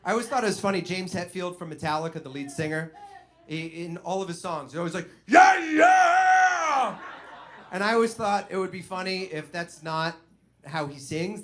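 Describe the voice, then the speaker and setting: A man's voice: sits high, fairly quick. A man performing a stand-up comedy routine, telling stories animatedly and acting out other people's voices.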